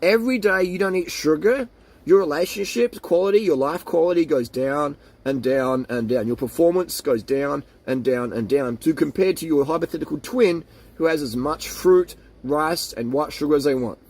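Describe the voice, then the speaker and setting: A man's voice: on the high side, normal speed, darkish tone. A man in his forties ranting to camera in a casual, mocking and jokey way, slipping into silly voices for made-up quotes. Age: 40s. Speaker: vlogger.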